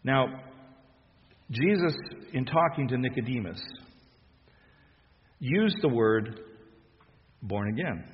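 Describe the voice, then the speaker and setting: A man's voice: medium pitch, expressive, muffled recording. Man preaching in an echoey church. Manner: conversational, halting with restarts and soft laughs. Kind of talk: sermon.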